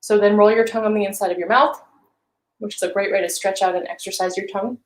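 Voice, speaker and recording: A woman's voice: medium pitch, fairly even intonation, quick pace. Encouraging female vocal coach, roomy sound. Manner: gentle, encouraging guidance with hums and sung syllables. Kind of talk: live-streamed vocal warm-up instruction. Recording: roomy echo.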